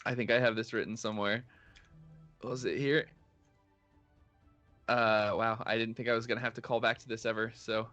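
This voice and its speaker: A man's voice: medium pitch, level tone, moderate pace, long pauses, a bit bright, no room sound, muffled recording, faint music behind. A man running a tabletop game as game master, narrating loosely with lots of fillers. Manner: rambling, lots of fillers, laughs easily.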